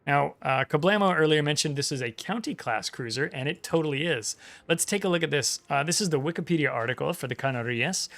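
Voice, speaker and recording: A man's voice: fairly high pitch, fairly bright tone. A man hosting a casual gaming news stream, reading articles aloud and rambling with many fillers and restarts. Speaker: gaming channel host.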